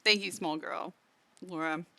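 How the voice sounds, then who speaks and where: Bright-voiced chatty woman streamer. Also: fairly low pitch, steady tone, measured pace, dry recording. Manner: chatty, lots of "like" fillers, laughs often; talks while eating. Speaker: streamer reacting to a video. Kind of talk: casual reaction-stream chat.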